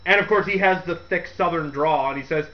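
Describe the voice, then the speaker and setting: A man hosting a radio segment, giving a casual, rambling movie review with frequent laughs and quick character impressions. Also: a little high, dull audio. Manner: rambling, laughs often, acts out quotes in character voices.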